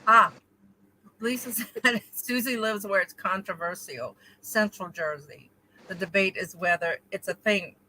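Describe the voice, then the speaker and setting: A woman co-hosting a casual live-stream chat, reading out viewer comments in a relaxed way. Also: medium pitch, unhurried, a little hiss or hum, poor audio. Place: home.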